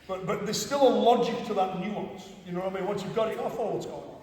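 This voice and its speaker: High-voiced Cumbrian man teaching in a hall. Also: fast, darkish tone. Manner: chatty, keeps checking in with the class. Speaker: karate instructor. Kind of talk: teaching a class. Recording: echoey hall from far off.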